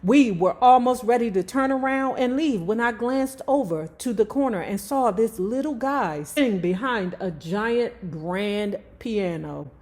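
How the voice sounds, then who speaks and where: A woman's voice: on the high side, lively intonation, unhurried, few pauses, darkish tone. A woman reading a memoir aloud to her viewers. She breaks off into chatty, slangy, profane asides. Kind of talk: reading aloud with casual commentary.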